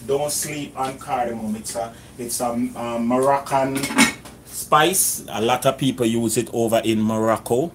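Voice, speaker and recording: This cooking vlogger, a middle-aged Jamaican man, chats easily in his kitchen during a home cooking vlog and lapses into patois phrasing now and then. His voice is mid-range, and there's faint background noise.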